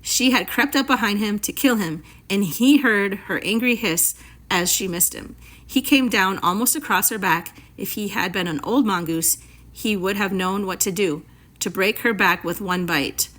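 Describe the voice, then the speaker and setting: Woman, storyteller, read-aloud for students, clear, measured, expressive, mid pitch.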